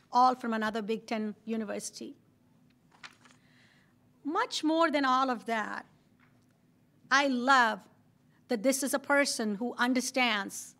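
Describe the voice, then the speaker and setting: Woman, high voice, press conference introduction, measured, formal. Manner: warm, measured, listing credentials. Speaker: university president introducing a speaker.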